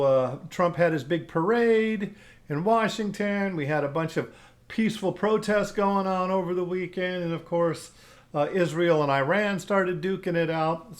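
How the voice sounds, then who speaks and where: A middle-aged man telling a folksy story casually, animated with sound effects. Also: a little high.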